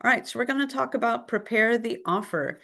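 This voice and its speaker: A woman's voice: fairly high pitch, a little fast, creaky. A woman leading a live real estate training class, talking casually and acting out phone calls with other agents. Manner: lively, conversational, acts out phone calls.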